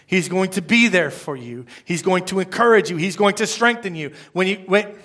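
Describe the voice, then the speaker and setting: Man, pastor, sermon, slightly high voice, conversational, rhetorical questions. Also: pushed and bright. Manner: slows to a measured pace when reading scripture.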